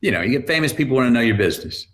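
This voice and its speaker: A man's voice: mid-range voice, rapid-fire. A man in his fifties, a guest on a podcast, telling stories with lots of laughter and acted-out voices. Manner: animated storyteller, acts out quoted voices, laughs often. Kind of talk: storytelling in a podcast interview.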